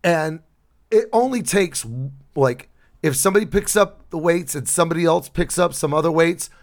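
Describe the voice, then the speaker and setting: A man co-hosting a comedy podcast, his voice hoarse and gravelly, telling wry, exasperated stories in casual chat. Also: on the high side, moderate pace. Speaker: podcast co-host.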